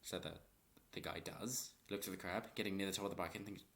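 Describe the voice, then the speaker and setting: A man's voice: sits low, steady tone, fast talker, gravelly, a bit bright. A man giving rambling, opinionated political commentary in a vlog and chuckling often.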